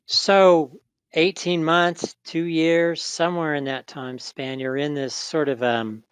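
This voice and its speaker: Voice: mid-range voice, flat delivery, takes it slowly, smooth, no echo. A podcast host asking questions and summing up the guest's story. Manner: reflective, sums up the guest's story. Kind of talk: podcast interview.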